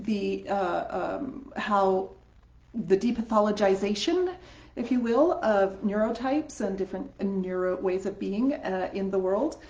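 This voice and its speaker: A woman with a Canadian accent, a voice teacher chatting on a live stream, upbeat and quick to laugh. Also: mid-range voice, a little mellow. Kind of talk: casual live-stream chat. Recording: echoey room, slightly dull sound.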